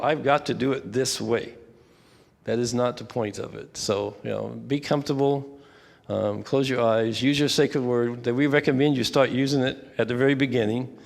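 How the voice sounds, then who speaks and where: An older man leading a church prayer workshop, talking in a relaxed, conversational way with frequent asides and restarts. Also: medium pitch, vocal fry, long reverb tail. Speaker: workshop leader. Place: church fellowship hall.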